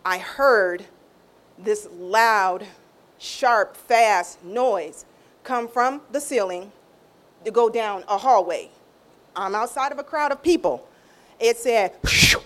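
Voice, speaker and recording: A woman telling an emotional personal faith testimony. She acts out quotes in a raised voice and drops to a hush at tender moments. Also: medium pitch, takes it slowly, pauses often. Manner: animated storytelling, acts out quotes in raised tones. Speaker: guest sharing a testimony.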